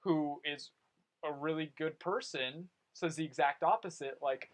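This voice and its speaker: Young male podcast host, animated and casual, with a slightly higher pitch. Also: a little slow, poor audio. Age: young adult. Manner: animated storyteller, swears casually. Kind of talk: casual chat.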